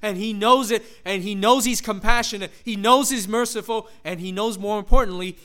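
Bright, high-voiced male preacher. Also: moderate pace, few pauses. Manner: animated, acts out quoted voices. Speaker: pastor. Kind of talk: sermon with scripture reading.

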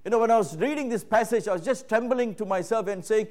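A man preaching a sermon, emphatic and repetitive, rising to loud exclamations and dropping to hushed passages, calling his listeners friends. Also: high-pitched, quick pace, few pauses. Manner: repeats phrases, addresses listeners as friends.

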